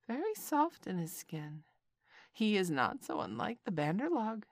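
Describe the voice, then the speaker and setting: A woman voicing a huge old male python, calm and menacing, who speaks in a slow, cool, commanding way. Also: medium pitch, no room sound, clean studio sound.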